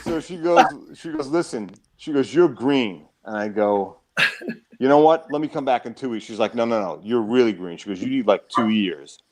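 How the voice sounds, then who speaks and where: A man, a comedy club owner, telling a lively story in casual chat and acting out the other voices. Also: medium pitch, normal speed, rough recording. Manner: animated, acts out quoted voices.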